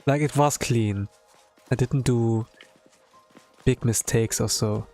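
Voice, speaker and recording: A man's voice: mid-range voice, takes it slowly, faint music behind. Rambling man commenting on gameplay. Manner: rambling, full of "like" fillers, excitable bursts. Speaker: streamer.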